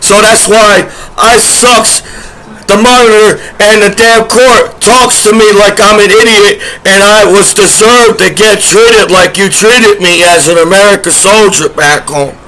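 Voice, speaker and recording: A man's voice: high voice, fairly even intonation, measured pace, bright, forceful tone, poor audio. A man vlogging to camera in a rambling, aggrieved, repetitive rant. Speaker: vlogger, disabled combat veteran. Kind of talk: rambling direct-to-camera monologue.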